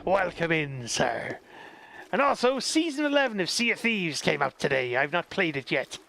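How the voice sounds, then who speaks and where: Coaching a blind player through a game, this stream host keeps things chatty and encouraging, reads the chat aloud, and laughs a lot. He speaks at normal speed in a fairly high, gravelly, sharp voice with big pitch swings, and faint background noise is audible.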